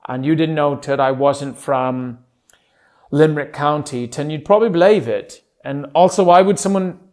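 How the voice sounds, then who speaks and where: A man with a somewhat high voice talks through a solo podcast in a put-on Irish accent. He rambles in a loose, playful way and lets the accent slip now and then. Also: normal speed, a little mellow. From Canada. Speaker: podcast host.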